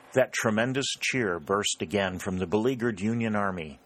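Deep-voiced male narrator, measured and steady. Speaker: audiobook narrator. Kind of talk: scripted narration.

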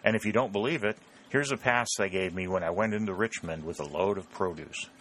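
A cool, drawling rural farmer who gives nothing away , as a man puts him on. The voice sits deep and unhurried in this storybook reading. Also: a bit bright, slight background noise, poor audio.

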